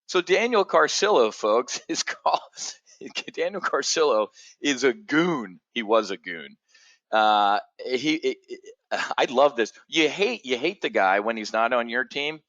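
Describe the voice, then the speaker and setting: A middle-aged man hosting a trading community, telling a casual story in an animated way, swearing freely and jumping up high when he acts out other people. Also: a little slow, no room sound, highs cut off.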